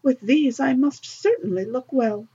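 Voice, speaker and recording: A woman's voice: high voice, a little slow, dark tone, breathy edge, voice pushed up, heavily acted. A woman voicing a vain, haughty young stepsister in a storybook reading, preening and self-satisfied, on a dull lo-fi recording.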